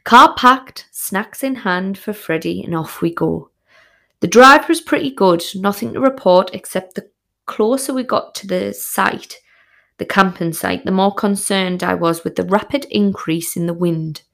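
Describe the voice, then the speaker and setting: A woman's voice: mid-range voice, measured pace, gravelly, sharp tone. Sweary, frank woman. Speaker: podcast host. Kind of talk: first-person storytelling.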